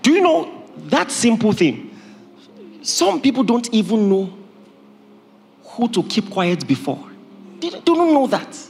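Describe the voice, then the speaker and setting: A pastor, his voice pitched high for a man, delivers a lively, joking sermon and laughs as he goes. He sounds like he is in a hall with a long echo. A faint background hum sits under him. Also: takes it slowly, long pauses. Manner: humorous, animated preaching with laughter.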